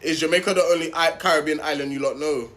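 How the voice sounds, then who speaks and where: A man's voice: on the high side, fairly even intonation, fast talker, fairly bright tone. A man ranting casually to camera, exasperated and complaining.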